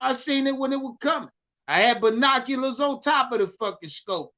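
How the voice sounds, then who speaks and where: A man hosting a live stream, loudly hyped and swearing as he ranted about football and answered his chat. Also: very high voice, a little fast, muffled recording. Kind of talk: profane live-stream sports rant.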